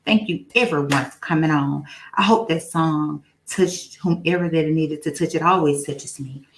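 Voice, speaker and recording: A young woman with a deep voice hosts a casual live stream, greeting viewers by name and testifying about her faith. She speaks at a moderate pace on a rough recording with slight background noise.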